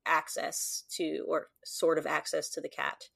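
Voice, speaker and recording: A woman interviewing a guest, asking questions and giving many quiet affirmations. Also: deep voice, monotone, a little slow, gravelly.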